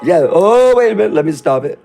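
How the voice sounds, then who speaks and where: A man's voice: sits high, big pitch swings, fast talker, creaky, music in the background. A man giving casual commentary over a video, rambling and repeating words as he mock-teaches pronunciation. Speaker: video reactor.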